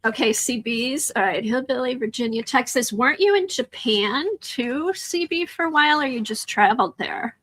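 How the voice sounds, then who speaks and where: Chatting with viewers while she crafts on a live art stream, a middle-aged Chicago woman with a Midwestern accent answers their comments. She speaks at a moderate pace with hardly any pauses, and her voice is on the high side and fairly bright. The recording has no room sound but is low in quality.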